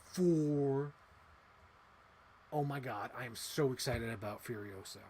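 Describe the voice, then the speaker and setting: Excitable man rambling on a livestream. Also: mid-range voice, takes it slowly, a little hiss or hum. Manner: excitable, rambling and swearing casually. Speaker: livestream host. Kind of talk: casual livestream chat.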